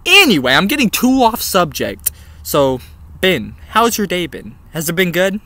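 A young man vlogging in a goofy, comedic style, swinging between mock-serious mumbles and loud outbursts. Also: high-pitched, sing-song, moderate pace. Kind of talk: comedic casual vlog. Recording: background music.

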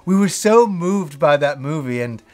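A middle-aged man hosting a show, talking casually and excitedly about his favourite movies, rambling with restarts and the odd swear word. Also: on the high side, moderate pace. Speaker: host. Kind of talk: casual movie list talk.

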